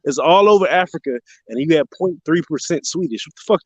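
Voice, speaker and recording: A man's voice: fairly high pitch, expressive, fast talker, darkish tone, no room sound, lo-fi sound. A man co-hosting a casual online panel, blunt and profane, mocking as he talks. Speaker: podcast co-host.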